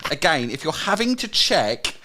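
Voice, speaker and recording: A man's voice: on the high side, very animated, moderate pace, sharp tone, a little hiss or hum. A man co-hosting a casual live-stream podcast, wry and full of banter. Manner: wry, banters, says mate. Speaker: podcast co-host.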